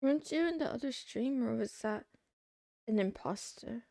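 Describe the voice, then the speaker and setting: A woman livestreamer chatting casually to her audience, rambling and excitable, tossing in meows between remarks. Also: on the high side, normal speed, vocal fry, dry recording, clean studio sound. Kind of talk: casual chat to a live audience.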